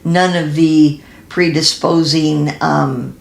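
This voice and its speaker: Earnest, slightly gravelly woman teaching in an echoey room. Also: low-pitched, steady tone, slow pace. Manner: earnest, confiding, many ums and restarts. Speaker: Christian women's fitness teacher. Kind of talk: personal faith-based health talk.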